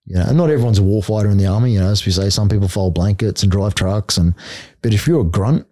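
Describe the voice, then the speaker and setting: Blunt, swearing Australian man, mellow and low. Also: fast, no room sound, studio quality. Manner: blunt, heavy swearing, laughing between stories. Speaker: podcast guest, army veteran. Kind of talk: casual interview storytelling.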